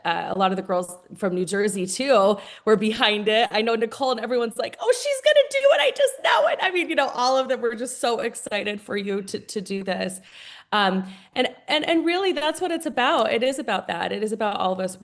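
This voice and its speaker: A woman leading a sales team, talking on a group video call in an effusive, chatty way, with many fillers and restarts. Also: mid-range voice. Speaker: team leader of a sales business.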